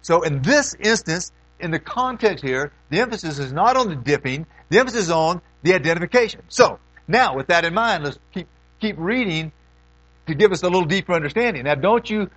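A male pastor teaching through a sermon in a lively, emphatic, conversational way, his pitch swinging up and down as he presses each point. His voice sits a little high for a man and sounds close and dry, and he often pauses to clear his throat. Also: no room sound, highs cut off.

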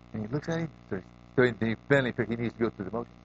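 A man tells a long story as a sermon-like lesson, rambling and restarting as he goes. He clears his throat often. The recording is dull and lo-fi, with a faint noise behind. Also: fairly low pitch, very fast.

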